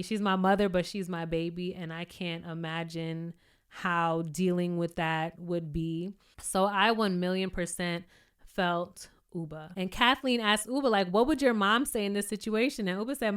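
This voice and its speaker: A woman, giving a chatty, animated recap of a reality show in a casual commentary style. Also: medium pitch, normal speed, clean tone. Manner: chatty and animated, quoting cast members in playful voices.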